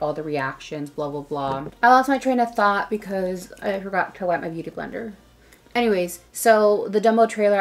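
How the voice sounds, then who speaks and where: Young woman beauty vlogger, chatty and rambling, mid-range voice, casual tutorial talk. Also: medium pitch. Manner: chatty, rambling, says "like" often. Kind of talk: casual makeup tutorial chat.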